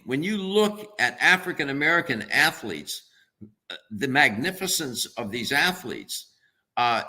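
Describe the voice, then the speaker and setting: Bright-voiced male nutritionist guest. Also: medium pitch. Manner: earnest, emphatic, thinks aloud. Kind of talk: radio interview answer.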